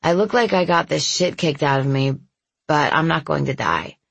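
A woman's voice: low-pitched, lively intonation, normal speed, gravelly, no room sound, full character voice. A woman voicing a tired, guarded young mother. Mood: tired casual. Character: weary injured young mother, brisk and guarded.

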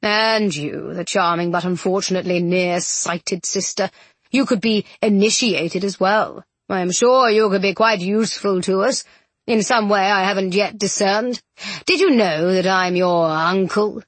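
A woman's voice: medium pitch, a little slow, dry recording, close to an everyday voice. A woman reading as a smug older villainous duke. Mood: scheming. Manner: silky and condescending. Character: scheming aristocratic male villain, older, smug.

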